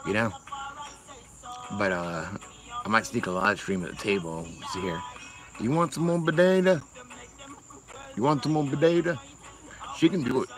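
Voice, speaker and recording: A man's voice: fairly low pitch, poor audio. A man from Massachusetts chatting casually on a livestream, rambling and swearing, often laughing. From Massachusetts, USA. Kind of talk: casual chat.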